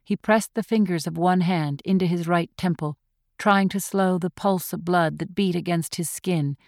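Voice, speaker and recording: A woman reading thriller narration in a measured, tense storytelling voice. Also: lowish voice, a little mellow, dry recording, studio quality. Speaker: audiobook narrator.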